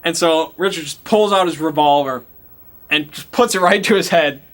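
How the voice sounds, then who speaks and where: A man's voice: fairly high pitch, normal speed. A man game master casually retelling a tabletop game session, laughing often and swearing casually.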